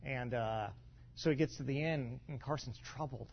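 A pastor teaching a congregation in a loose, conversational way, full of fillers, restarts and rhetorical asides. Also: male voice, mid-range voice, normal speed, vocal fry, slight background noise. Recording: dull lo-fi sound.

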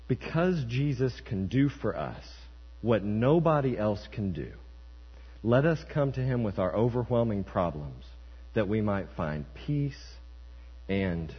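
A man's voice: on the low side, expressive, takes it slowly, long pauses. A young man preaching a sermon, telling a story and acting out the voices in it. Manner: storytelling, acts out quoted voices. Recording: muffled church hall with mains hum.

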